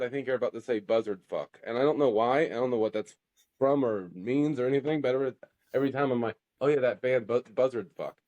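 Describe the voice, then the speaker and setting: A man's voice: mid-range voice, a little mellow, no room sound, dull audio. A man co-hosting a podcast in casual chat, goofy and crude, laughing often. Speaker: podcast co-host.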